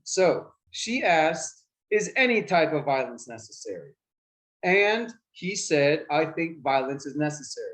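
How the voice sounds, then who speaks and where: A man teaching young students about debate in a lively way, asking them questions and acting out examples. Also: on the high side, rough recording. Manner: lively, asks the class questions and acts out examples. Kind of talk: explaining debate skills to children.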